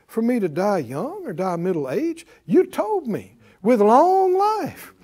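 A man's voice: very high-pitched, sing-song, slow pace, a little mellow. A man preaching a sermon in an emphatic call-and-response style, leading the congregation in repeating lines.

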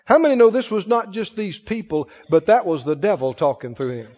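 Male preacher, fervent sermon delivery with congregation responses; wide-ranging high voice, dull lo-fi hall recording. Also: big pitch swings, brisk, a little mellow.

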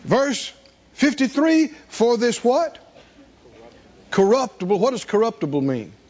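A male pastor preaches in a high, animated voice that swings widely in pitch. He reads scripture aloud and throws rhetorical questions to the congregation. The sound is dull and lo-fi, as if taped in a church. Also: a little slow. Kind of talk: sermon.

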